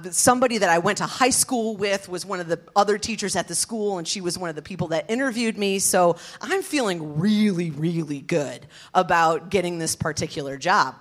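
A woman, telling her personal testimony in an earnest, expressive storytelling way. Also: on the low side. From Detroit area, USA. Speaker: speaker sharing her testimony.

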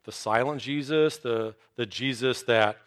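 A man preaching a sermon, telling a Bible story with lively storytelling and acted-out reactions. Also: medium pitch, unhurried. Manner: animated storytelling, acts out disciples' reactions. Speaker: pastor.

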